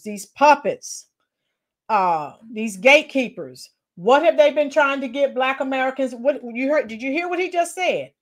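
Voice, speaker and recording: A woman talking casually on a live stream, her voice a little high for a woman. She reacts to clips with sarcasm and mockery and keeps calling out to her chat. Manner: sarcastic, mocking, chatty with viewers.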